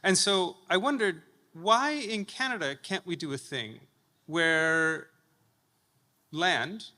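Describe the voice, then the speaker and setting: A man's voice: sits high, lively intonation, slow, pushed and bright. A man in the audience asking an earnest, slightly hesitant question at a public forum. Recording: reverberant conference hall.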